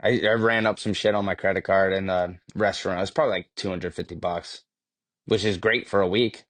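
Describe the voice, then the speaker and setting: Brief: podcast guest, male, lowish voice, loose and profane storyteller, dry studio sound. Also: fairly even intonation, brisk, a bit bright, dry recording. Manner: swears freely, laughs through his stories. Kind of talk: casual storytelling.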